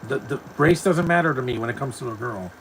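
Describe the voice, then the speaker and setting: A man's voice: medium pitch, expressive, quick pace, fairly bright tone, rough recording. This is a man with an ordinary mid-range voice talking casually over a film as it plays. He rambles and restarts often, repeating words before he lands on a point. A faint background noise sits under the recording. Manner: rambling, stumbles and repeats words, chuckles to himself. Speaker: movie commentator. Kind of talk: casual live movie commentary.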